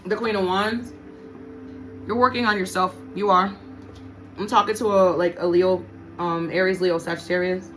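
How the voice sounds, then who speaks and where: Reading tarot casually for her viewers, this woman speaks at fairly low pitch with a flat delivery, normal speed and long pauses. Her voice is a bit bright over slight background noise, and she's blunt, profane and repetitive for emphasis.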